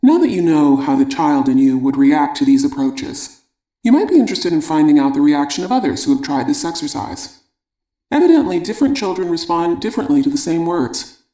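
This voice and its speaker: A man narrating a parenting audiobook in a measured, instructive reading voice. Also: on the high side, sing-song, warm tone, roomy sound.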